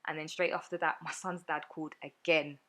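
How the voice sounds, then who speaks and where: A woman, a podcast guest telling her own story in an earnest, rapid way with many fillers. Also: deep voice, flat delivery, sharp tone. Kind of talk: personal storytelling in a podcast interview.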